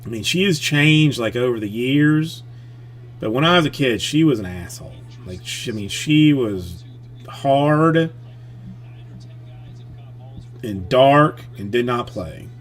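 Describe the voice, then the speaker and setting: A man's voice: medium pitch, lively intonation, a little slow. A man hosting a live stream in casual chat, telling a family story in a rambling way, full of restarts and fillers.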